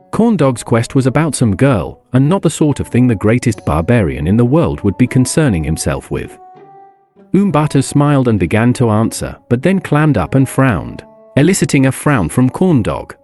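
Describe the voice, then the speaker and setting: A male audiobook narrator reads a comic fantasy with wry, expressive delivery. His mid-pitched voice moves through a lively melody, and faint music plays underneath. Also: normal speed.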